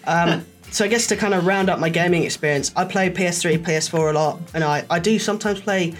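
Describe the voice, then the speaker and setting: A man telling stories in a casual chat, lively and acting out the people he quotes. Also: high-pitched, fast, few pauses, soft background music. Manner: animated storyteller, acts out quoted voices.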